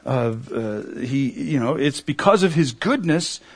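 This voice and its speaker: A middle-aged man preaching a sermon, earnest and emotional, his voice climbing toward a near shout at the high points. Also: expressive, a little slow, husky. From United States. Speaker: pastor.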